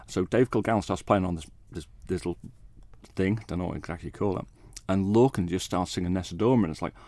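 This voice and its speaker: A man, a bass player, chatting as a radio guest in a modest, rambling way, acting out what others said to him. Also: quick pace, darkish tone, no echo. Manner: modest, rambling, acts out quoted talk. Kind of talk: casual interview chat.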